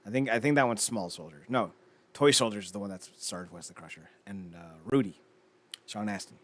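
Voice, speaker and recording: A man's voice: lowish voice, fairly quick. A man co-hosting a casual podcast, recapping TV scenes by acting out the characters' lines. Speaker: podcast co-host. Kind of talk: casual chat.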